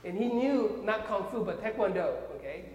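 Male preacher, Korean accent, lively storyteller who checks in with the crowd; recorded in a reverberant hall. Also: high voice, normal speed. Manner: animated storyteller, often checks in with "okay?" and "right?". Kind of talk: sermon storytelling. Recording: echoey hall with long reverb.

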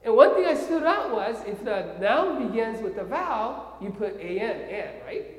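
Male preacher, Korean accent, lively storyteller who checks in with the crowd; recorded in a reverberant hall. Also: high-pitched, normal speed. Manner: animated storyteller, often checks in with "okay?" and "right?". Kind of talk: sermon storytelling. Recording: echoey hall with long reverb.

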